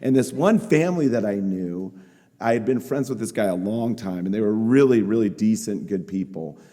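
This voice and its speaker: A man's voice: fairly low pitch, animated, normal speed, dark tone. A man giving a candid, self-mocking personal testimony at a recovery meeting, acting out quoted dialogue as he goes. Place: meeting hall. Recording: long hall reverb.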